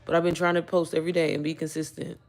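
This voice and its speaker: A woman's voice: deep voice, flat delivery, racing, creaky. A young woman from Indiana chatting casually on a home livestream, greeting viewers by name and reading their comments aloud. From Indiana, United States. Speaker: livestream host. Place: indoors at home.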